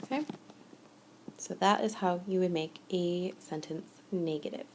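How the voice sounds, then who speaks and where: A woman's voice: on the low side, a little slow, a little mellow, slight background noise. A woman narrating a recorded lesson as a teacher, explaining step by step in a patient, plain way. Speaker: French teacher.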